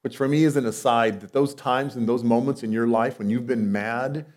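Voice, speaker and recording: His tone steady and his pace moderate, a man gives a sermon conversationally. He asks rhetorical questions and alternates loud, emphatic lines with soft, low asides.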